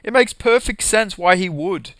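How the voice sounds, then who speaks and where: A man's voice: high-pitched, expressive, moderate pace, fairly bright tone, no room sound. A young man doing a casual, profanity-heavy rant about MMA, heated and sarcastic, with lots of "like" and "you know". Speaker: MMA commentary vlogger.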